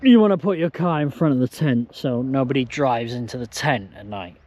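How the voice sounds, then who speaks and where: A man's voice: mid-range voice, darkish tone, muffled recording. A man vlogging outdoors at a campsite, a bit drunk and hiccuping, rambling and mocking himself as he talks to a handheld camera. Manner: rambling, self-mocking, slow and loose. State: tipsy with hiccups. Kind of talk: casual vlog monologue.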